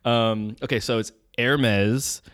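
A man's voice: lowish voice, lively intonation, normal speed, no room sound, clean studio sound. A young man co-hosting a casual podcast chat, rambling loosely and searching for words. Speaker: podcast co-host.

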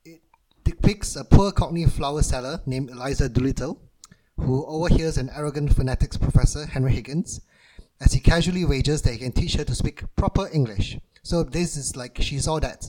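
A man's voice: on the high side, brisk, background noise. A man co-hosting a film podcast, chatting casually and laughing often. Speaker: podcast co-host.

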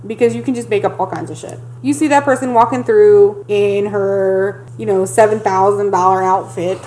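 A woman's voice: medium pitch, steady tone, normal speed, darkish tone, rough recording. A woman with a Southern US accent, ranting in casual podcast chat and swearing freely. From Southern United States. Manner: profane, ranting, fired up. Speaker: podcast co-host.

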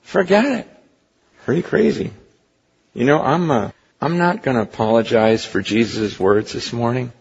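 A male pastor delivering an impassioned sermon, swinging from hushed to near-shouting, with a husky voice. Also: mid-range voice, moderate pace. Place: church sanctuary. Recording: lo-fi recording with long hall reverb.

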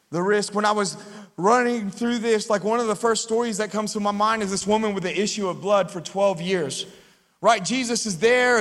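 A man preaching a sermon as pastor, conversational and animated, acting out quotes as he goes. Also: sits high. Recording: long reverb of a large church hall.

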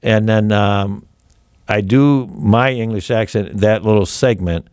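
A man's voice: lowish voice, slow, darkish tone, clean tone, dry recording, studio quality. An older man, a comedian guest on a radio show, chatting casually, laughing often and restarting his sentences.

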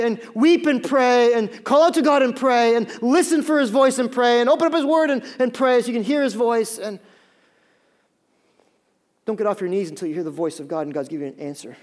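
High-voiced man preaching a sermon. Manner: emphatic preaching that swings between loud pleas and soft low passages. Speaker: pastor.

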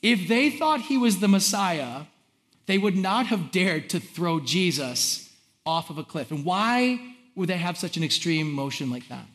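High-voiced animated male preacher. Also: unhurried. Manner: animated, conversational preaching, acting out crowd reactions; reads scripture aloud. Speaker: pastor. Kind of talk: sermon.

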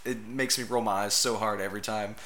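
A man's voice: on the low side, fairly even intonation, brisk, pushed and bright. A man co-hosting a podcast, casually recapping a movie in an easygoing, wry way. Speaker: podcast co-host. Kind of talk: casual movie-review chat.

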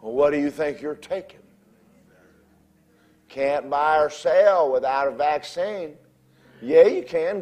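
A man preaching a revival sermon, telling stories, shouting at times and calling for amens. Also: on the high side, slow pace, long pauses.

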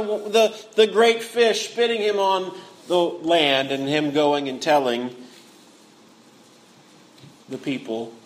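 A man's voice: sits high, fairly bright tone. A man preaching a sermon in an earnest way, often repeating words as he goes and acting out what he quotes. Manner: earnest, acts out quotes with feeling; frequent word repeats.

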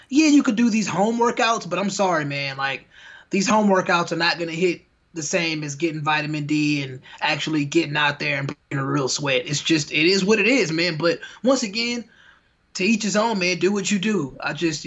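A man's voice: a little high, normal speed, a bit bright, dull audio. A young adult man co-hosting a podcast in a casual, laid-back, slangy way. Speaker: podcast co-host. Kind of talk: casual chat.

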